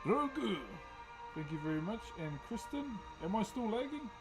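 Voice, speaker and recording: A young man with a New Zealand accent, hosting a relaxed livestream and greeting viewers by name while he carves wood. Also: high-pitched, moderate pace, over music, rough recording. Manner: laid-back, greets chat viewers by name. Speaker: livestream host. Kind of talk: casual livestream chat while wood carving.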